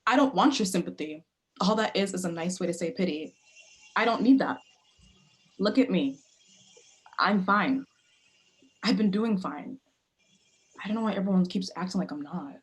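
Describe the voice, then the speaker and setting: A woman's voice: on the low side, expressive, normal speed, long pauses, natural voice. A woman playing a defiant young woman grieving her mother, blunt and guarded, read over a video call. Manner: guarded, blunt, sharp-tongued. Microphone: video call mic.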